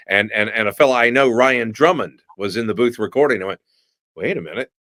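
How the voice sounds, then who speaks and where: A man's voice: mid-range voice, quick pace. A middle-aged man tells stories with lots of energy, often breaking into character voices. He is a voice actor speaking as a guest in an interview. His voice sounds dry and close, with no room echo. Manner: animated storyteller who slips into voices. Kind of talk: storytelling in a podcast interview.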